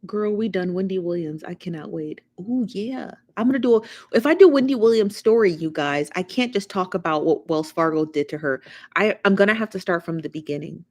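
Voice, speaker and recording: A woman runs a casual livestream, reading comments aloud and gossiping with plenty of sass. Her voice sits on the low side, and she sprinkles in "honey" and "child" with the odd hushed aside. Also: expressive, brisk. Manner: sassy and gossipy, calls viewers honey and child. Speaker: livestream host.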